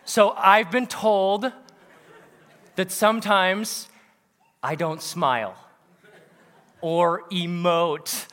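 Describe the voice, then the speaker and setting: High bright-voiced male preacher in a reverberant hall. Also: very slow, pauses often. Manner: animated, punchy, with bursts of laughter. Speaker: pastor. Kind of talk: sermon.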